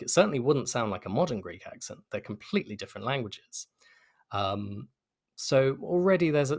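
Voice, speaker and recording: A British man, a game developer, answering interview questions in an enthusiastic, articulate way with frequent restarts. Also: lowish voice. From Britain.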